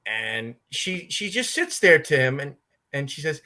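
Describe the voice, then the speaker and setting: A man co-hosting a podcast, telling an anecdote lively and acting out the quotes. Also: a little high, a little slow. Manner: lively storyteller, acts out quotes. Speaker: podcast co-host.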